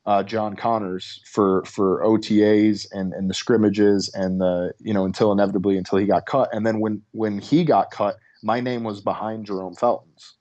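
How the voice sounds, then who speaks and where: A man's voice: lowish voice, level tone, normal speed, few pauses, darkish tone, dull audio. A young adult male comedian telling a story in casual chat over a video call, in an intense, profane way. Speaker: comedian guest.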